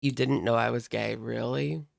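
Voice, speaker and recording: Chatty male streamer, heavy vocal fry, dry close sound, casual, filler-heavy. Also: mid-range voice, fairly even intonation, moderate pace, no echo. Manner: chatty, frequent "like" fillers, laughs often. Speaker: livestream commentary host. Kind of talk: casual chat reading viewer comments.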